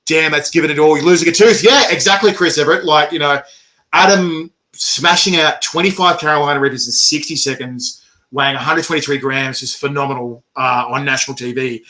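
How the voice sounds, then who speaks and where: Bright-voiced man telling stories. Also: fairly high pitch, brisk. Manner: animated storytelling, laughs often. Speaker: interviewer. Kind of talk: casual chat.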